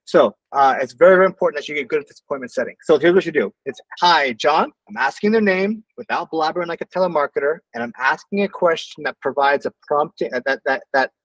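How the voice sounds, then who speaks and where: A man's voice: on the high side, animated, fast talker, few pauses, no room sound, rough recording. A man who owns a marketing agency, teaching a sales-call script in a casual, conversational way. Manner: loose, conversational, acts out phone calls in quotes. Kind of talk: casual screen-share lesson.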